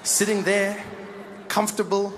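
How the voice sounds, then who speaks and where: A South African man with a South African accent, telling an animated stand-up story and acting out the scenes. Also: high-pitched, measured pace, over music. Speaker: stand-up comedian. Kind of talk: stand-up comedy. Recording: live stage mic with audience noise.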